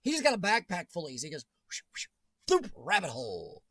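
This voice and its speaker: A middle-aged man chatting on his livestream, his voice high for a man and swinging widely in pitch. He laughs often and cracks jokey asides as he answers viewers. The sound is close and dry. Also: huge pitch swings, fast talker, pushed and bright, husky, no room sound. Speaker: livestream host. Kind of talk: casual live chat reading viewer comments.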